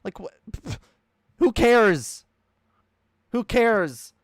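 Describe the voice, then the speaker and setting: A man's voice: very high-pitched, very animated, drawn-out words, dry recording, clean studio sound. A man streaming a reaction, ranting in a heated, profane, rambling way.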